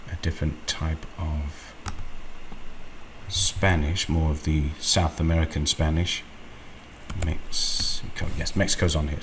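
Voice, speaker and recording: Guy doing a screen tutorial, low voice, slow and chatty, lots of ums. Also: a little hiss or hum. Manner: unhurried, thinking aloud with ums. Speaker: tutorial host. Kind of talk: screen-recorded software walkthrough.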